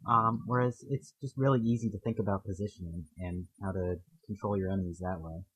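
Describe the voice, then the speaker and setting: Man, podcast host, husky, fairly low, casual hedging chat. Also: steady tone, brisk, low-quality recording. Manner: thoughtful, hedging, reads quotes aloud. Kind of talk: casual podcast chat about video games.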